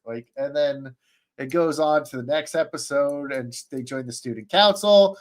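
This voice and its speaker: A man on a streamed podcast call, recapping an anime in a rambling, excitable way, full of fillers and restarts. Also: on the high side, moderate pace. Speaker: podcast panelist. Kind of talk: casual chat, recapping an anime.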